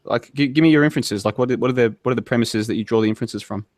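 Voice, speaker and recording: A man's voice: medium pitch, rapid-fire, darkish tone, no room sound, studio quality. A man, a podcast guest, arguing in a casual online debate chat, rambling and asking "right?" again and again.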